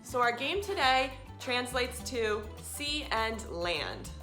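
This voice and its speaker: A woman hosting a children's storytime, reading a picture book aloud in a gentle, carefully enunciated way. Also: a little high, big pitch swings, takes it slowly, faint music behind.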